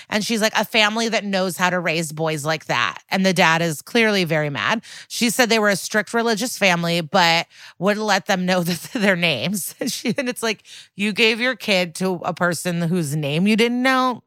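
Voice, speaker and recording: A woman chatting on a podcast as she recaps an episode, acting out quotes with animated energy. Her voice sits on the low side but sounds bright and forceful. The recording is dry and close. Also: no room sound. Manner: animated retelling with acted-out quotes and laughs. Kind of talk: casual chat.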